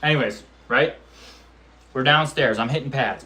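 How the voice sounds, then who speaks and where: An amateur MMA fighter and vlogger in his twenties, with a medium-pitched voice and moderate pace, tells a casual, profane story about his amateur fight. He acts out quotes and sound effects as he goes.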